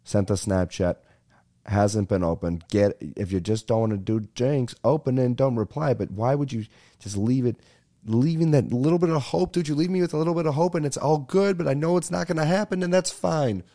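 A man's voice: mid-range voice, brisk, dark tone. A young man hosting a podcast, ranting casually and animatedly, swearing and calling everyone dude. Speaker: podcast host. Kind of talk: casual comedic rant.

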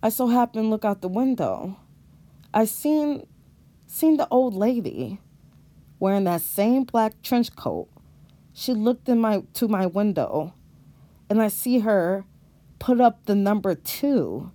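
A woman's voice: mid-range voice, expressive, slow pace, long pauses, warm tone, dry recording. A woman narrating a first-person horror story in a dramatic, exclamatory way, with casual swearing.

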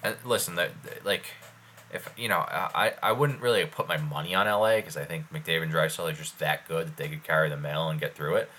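Very deep-voiced man chatting hockey. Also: fairly even intonation, brisk, bright, forceful tone, a little hiss or hum. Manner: rambling, filler-heavy. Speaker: podcast co-host. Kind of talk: casual sports chat.

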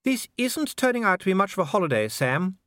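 A man voicing a refined, kindly noblewoman who coaxes her husband gently and practically. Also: high voice, sing-song, a little fast, no room sound, studio quality, voice pushed up. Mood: brisk, concerned. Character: refined, kindly noblewoman, middle-aged wife.

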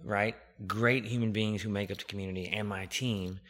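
Pria 50-an bersuara cerah dan tajam. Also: male voice, fairly low pitch, fairly even intonation, moderate pace, fairly bright tone. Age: 50s. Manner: humble, rambling, many fillers. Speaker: podcast guest, company founder. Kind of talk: casual interview chat.

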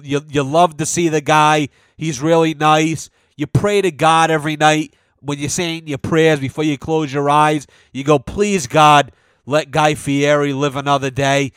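An American man hosts a podcast alone, rambling through a casual rant in a loose, profane, jokey way while sounding tired. His voice is fairly high and a bit bright, clean in tone, with no room sound.

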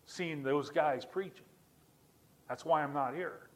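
A man's voice: on the high side, expressive, moderate pace, highs cut off. Earnest middle-aged male pastor preaching. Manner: earnest, repeats key lines for emphasis. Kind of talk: sermon.

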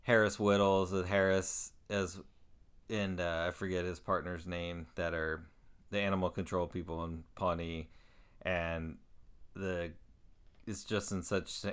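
A man co-hosting a casual podcast chat, retelling favorite comedy scenes with lively energy and laughter. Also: low-pitched, clear, resonant tone. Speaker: podcast co-host.

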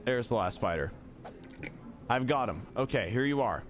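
A man's voice: medium pitch, animated, moderate pace, slight background noise. A young man streaming a video game, chatty and muttering to himself as he plays. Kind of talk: casual gaming commentary.

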